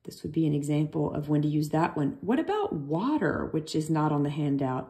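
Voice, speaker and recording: A woman's voice: sits low, sing-song, a little fast, warm tone. A woman teaching a recorded French lesson, chatty and reassuring, thinking aloud as she explains.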